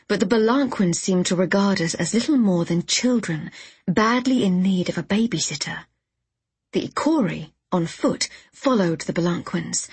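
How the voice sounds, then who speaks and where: A woman reads a novel aloud in a measured, first-person storytelling voice. Her tone sits on the low side and is breathy. The recording is close and dry. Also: a little mellow, no echo. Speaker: audiobook narrator. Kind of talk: scripted narration of a novel.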